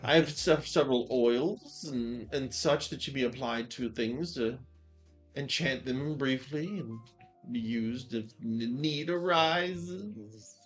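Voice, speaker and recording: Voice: mid-range voice, takes it slowly, faint music behind, pitched below the performer's own voice, lightly acted. A game master voicing an old hag aunt who runs a shop, genteel and chatty, with cheerful gruesome asides. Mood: businesslike. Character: sweet-talking old hag aunt, shopkeeper, cheerfully creepy.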